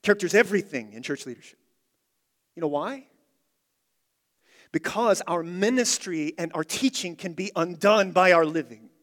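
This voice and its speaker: Male pastor, slightly high voice, emphatic sermon delivery, long hall reverb. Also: lively intonation, normal speed, long pauses. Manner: emphatic, repeats key phrases, swings from loud to quiet. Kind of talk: expository sermon.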